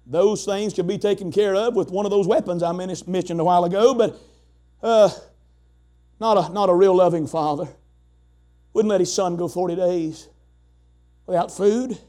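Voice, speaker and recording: A man's voice: sits high, steady tone, normal speed, long pauses, warm tone. A man preaching a sermon in an emphatic, folksy way, asking the congregation rhetorical questions.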